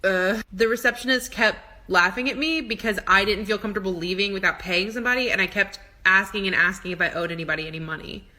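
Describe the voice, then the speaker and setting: A woman telling a personal story to camera, quoting the people she met. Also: medium pitch. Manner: fast, animated retelling with quoted dialogue.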